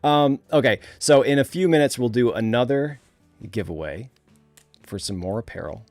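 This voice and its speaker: A man's voice: medium pitch, normal speed, no room sound, faint music behind. A man with a New England accent hosting a casual livestream, reading viewer comments aloud and chatting easily, with frequent laughs and fillers. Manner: relaxed, chatty, laughs often, many fillers. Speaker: livestream host.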